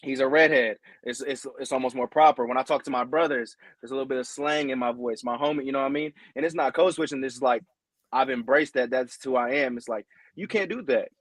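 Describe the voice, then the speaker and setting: A man's voice: medium pitch, fast, dry recording. Talk it through loosely and earnestly as a young guy on a podcast, voice dry and close. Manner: rambling, peppered with "you know what I mean"; earnest and heartfelt. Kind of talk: casual podcast chat.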